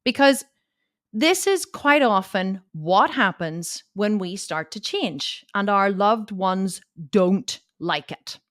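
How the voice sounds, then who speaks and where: Woman coach telling her story, blunt and animated, average pitch, dry sound. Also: takes it slowly, dry recording. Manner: candid, animated, swears freely. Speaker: fitness coach for women. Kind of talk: personal storytelling to camera.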